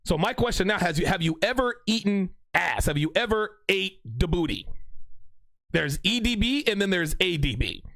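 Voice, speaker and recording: Guy streamer roasting chat, high voice, lots of fry, dry close sound. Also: big pitch swings, moderate pace, fairly bright tone, no room sound. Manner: teasing, laughing, mock-courtroom ribbing. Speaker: livestream host reading chat. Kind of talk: casual live-stream banter.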